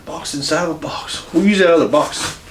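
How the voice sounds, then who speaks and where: A man's voice: a little high, a little fast. A man co-hosting a casual unboxing chat, trading laid-back jokes with his partner. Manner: joking, laid-back banter. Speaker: co-host unboxing products. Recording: echoey room, far from mic, background noise.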